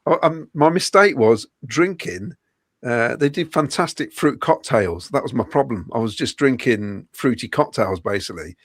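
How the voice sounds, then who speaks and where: A man in middle age tells a long holiday story on a podcast, breaking into laughter as he goes. His voice sits at an ordinary pitch, and the sound is dry and close, with no room around it. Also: animated, moderate pace, no echo. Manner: storytelling, laughs often mid-sentence. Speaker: podcast host. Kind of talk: casual chat.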